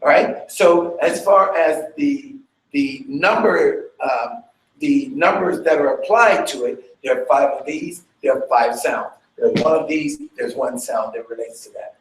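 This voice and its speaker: A man's voice: a little high, sing-song, a little slow. A male dance fitness instructor teaching a workshop, chatty, checking in with listeners and vocalizing beats and sounds with energy. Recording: echoey room.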